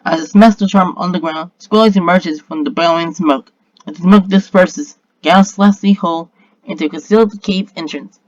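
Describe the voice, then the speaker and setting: A man reading his own adventure story aloud, steady and plain, with small slips. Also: sits high, moderate pace, no room sound, muffled recording.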